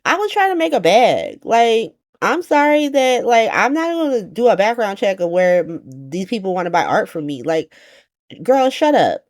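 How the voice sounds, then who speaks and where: A shrill, brash young woman who snaps back with slangy put-downs, as a woman puts her on. Her voice jumps well above the speaker's own and swings widely. She sounds dismissive and quick-tongued. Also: sing-song. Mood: indignant. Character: sassy blunt young woman, quick to snap.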